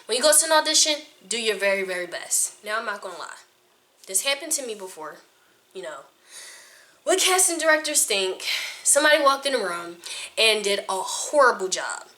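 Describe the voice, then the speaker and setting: Frank, laughing woman with a bright voice. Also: mid-range voice. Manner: frank, chatty, laughs often. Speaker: acting coach and casting judge. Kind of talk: casual advice to camera.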